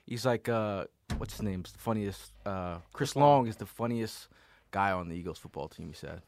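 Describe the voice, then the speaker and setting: A man co-hosting a casual sports podcast, talking with animated enthusiasm and casual swearing. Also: on the low side, normal speed, vocal fry, slight background noise.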